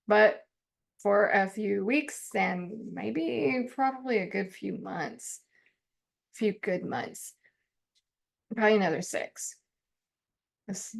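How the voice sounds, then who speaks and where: A woman's voice: medium pitch, gravelly. A middle-aged woman counselor teaching a self-help method in a chatty, informal way, often laughing and acting out her own complaints.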